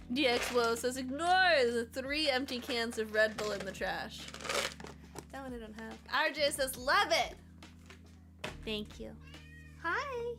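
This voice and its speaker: A woman's voice: high-pitched, slow pace, long pauses, music in the background. A woman streaming her coding work, chatting casually, reading chat aloud and talking to her cats. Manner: animated, bursts of excitement.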